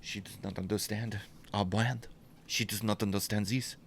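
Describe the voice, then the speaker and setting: A man voicing an excitable, hot-tempered middle-aged tie maker in a put-on, badly done French accent. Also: lowish voice, moderate pace, vocal fry, slight background noise. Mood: indignant.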